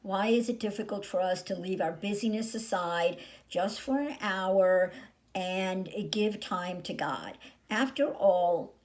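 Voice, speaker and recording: A woman hosting a short devotional talk, telling a story and then reflecting in a measured, earnest way. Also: medium pitch, darkish tone. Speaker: host.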